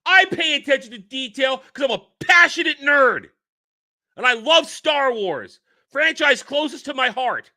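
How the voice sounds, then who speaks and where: A man hosting a commentary show, ranting angrily and swearing, sometimes shouting. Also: extremely high pitch, expressive, unhurried. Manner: angry, profane, shouting rants. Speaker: show host.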